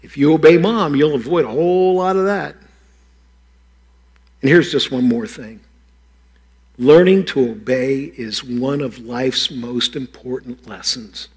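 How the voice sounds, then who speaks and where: A pastor giving a playful children's sermon, teasing and talking straight to the kids. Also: male voice, mid-range voice, unhurried, long pauses, husky.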